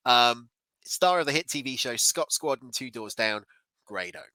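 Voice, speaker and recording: A man's voice: medium pitch, lively intonation, moderate pace, sharp tone, no echo, poor audio. A man in his forties hosting a podcast, reading news and chatting in an upbeat, self-deprecating way. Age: 40s. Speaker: podcast host. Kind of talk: casual chat and news reading.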